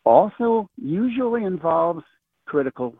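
A man's voice: high voice, sing-song, a little slow, husky, no echo. An older retired man calling in to a radio talk show, ranting with sarcasm and stumbling through many restarts. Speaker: caller. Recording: tinny phone line.

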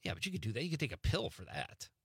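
Animated, joking male radio host. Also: medium pitch, fast, creaky, husky, no room sound, clean studio sound. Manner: joking, self-mocking, animated. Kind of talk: casual radio banter.

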